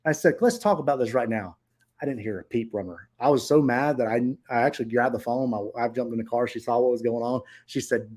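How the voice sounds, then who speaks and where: A middle-aged man who owns short-term rentals, telling viewers a story in a blunt, profane, heated way. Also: mid-range voice.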